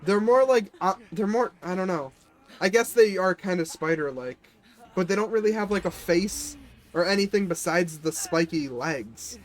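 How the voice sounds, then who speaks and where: A man's voice: high voice, lively intonation, moderate pace. A man who is a little sick, chatting casually with viewers and players as he streams a game.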